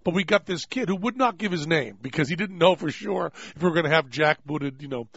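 Radio host guy, kinda high voice, rambly and jokey, dry dull studio sound. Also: expressive, a bit bright, husky, dry recording. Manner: rambling, jokey, quick to laugh. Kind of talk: casual radio talk. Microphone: studio microphone.

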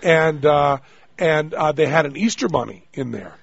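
A man hosting a call-in radio show, joking and telling stories in an animated, exaggerated way. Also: a little high, moderate pace, creaky, husky, dry recording, highs cut off.

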